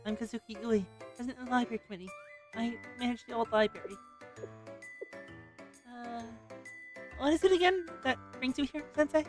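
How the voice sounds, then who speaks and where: A woman voicing a reclusive, prickly young librarian girl who speaks in a low, hushed mutter. Faint music plays underneath. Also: brisk, long pauses, close to an everyday voice. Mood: grumbling. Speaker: library committee president.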